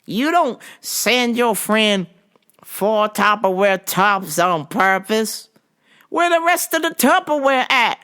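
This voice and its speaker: A woman putting on the voice of an indignant churchgoing older woman customer who talks in a preachy, dramatic, drawn-out way. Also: medium pitch, animated, a bit bright. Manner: drawn-out, preachy indignation, calls people baby.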